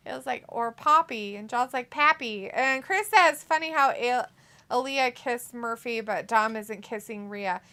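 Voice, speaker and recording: On a casual watch-along livestream, a woman co-host reads viewer comments with playful giggles and loose swearing. Her voice runs on the high side, bright and forceful, at a measured pace.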